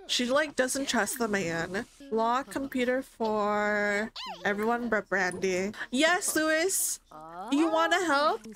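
A young woman casually commenting on a life-simulation game, chatty and excitable, often voicing her characters' thoughts. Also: on the high side. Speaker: gaming streamer. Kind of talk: casual let's-play commentary.

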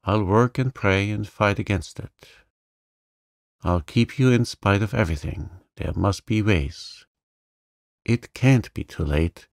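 A man's voice: fairly low pitch, expressive, a little slow, gravelly, darkish tone, no echo, studio quality. A man voicing a passionate, headstrong young woman who speaks earnestly and pleadingly to her sister.

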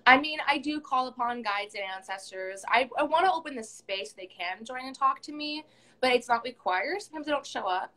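Bright-voiced chatty young woman. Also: sits high, expressive, low-quality recording. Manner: chatty, laughs often, quotes others in quick bursts. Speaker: podcast guest, tarot reader. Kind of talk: casual chat.

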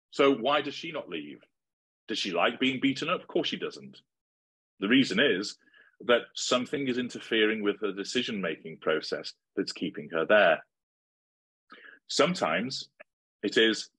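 A man answering interview questions in a measured, assertive, lecturing way. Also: lowish voice, expressive, a bit bright, slightly rough. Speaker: interviewee giving advice.

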